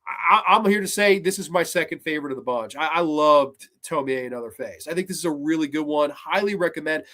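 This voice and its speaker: A man with a slightly high voice runs through horror film plots in a casual, rambling review. He gushes over what he loves and swears freely. His delivery is loose and unscripted. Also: a little fast, sharp tone. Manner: enthusiastic, profane, rambling. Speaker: horror podcast host.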